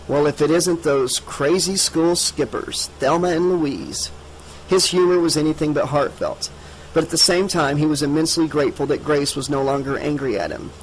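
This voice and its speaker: Man narrating an audiobook, fairly high voice. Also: a little hiss or hum, rough recording.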